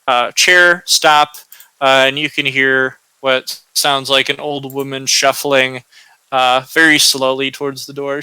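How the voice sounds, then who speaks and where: Slow, bright-voiced male game master. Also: medium pitch, flat delivery, clean tone, dry recording, poor audio. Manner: slow, hesitant, many fillers. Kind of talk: narrating a tabletop game.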